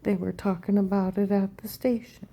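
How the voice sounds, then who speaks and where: A woman telling a personal account in a rambling monologue, often dropping to a hushed whisper, with fragmented, repetitive phrasing. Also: mid-range voice, little pitch movement, moderate pace, gravelly.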